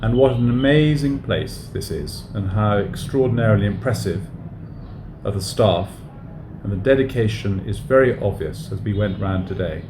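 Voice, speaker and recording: A man giving a visitor's formal remarks in measured, effusive phrases. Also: fairly low pitch. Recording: echoey room with loud noise.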